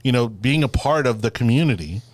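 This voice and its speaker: A man hosts a loose political talk show, circling his points with "you know" and plenty of restarts. His voice sits at an ordinary pitch and sounds dry and close, with no room around it. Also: expressive, a little fast, no room sound. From Florida. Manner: rambling, many fillers and restarts. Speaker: podcast host. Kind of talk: casual political chat.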